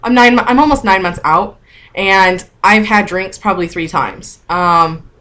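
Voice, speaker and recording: A woman in her thirties talks straight into her camera in a relaxed vlog. She is candid and chatty, with an open, emotional way of speaking. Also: medium pitch, measured pace. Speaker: vlogger. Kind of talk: casual vlog update.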